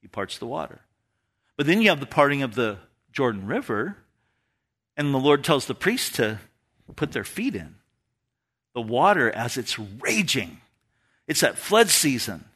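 A man's voice: medium pitch, a little slow, pauses often, breathy edge. A man pastor preaching a sermon and telling stories with laughter. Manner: storytelling, animated, laughs at his own stories.

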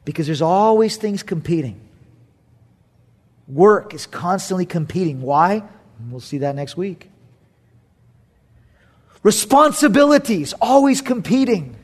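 A man's voice: high voice, big pitch swings, measured pace, pauses often. A middle-aged male pastor preaching a sermon, emphatic, repeating key phrases with playful asides.

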